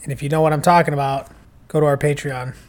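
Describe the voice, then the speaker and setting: A young man co-hosting a casual movie podcast, chatty and joking, with quick asides. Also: a little high, little pitch movement, a little mellow. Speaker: podcast co-host. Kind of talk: casual movie review chat.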